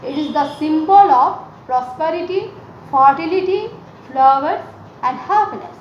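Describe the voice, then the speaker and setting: Slow, lively-pitched woman teaching a poem. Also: roomy sound, highs cut off, slight background noise. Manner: slow, careful, explains each word. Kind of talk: explaining a poem line by line.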